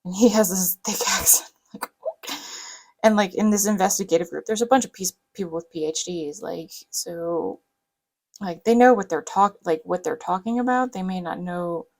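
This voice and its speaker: A woman's voice: lowish voice, moderate pace, darkish tone, low-quality recording. A woman with a light Southern US accent, rambling in a chatty, casual way while she works on a planner. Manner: rambling, chatty, lots of fillers. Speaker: planner vlogger.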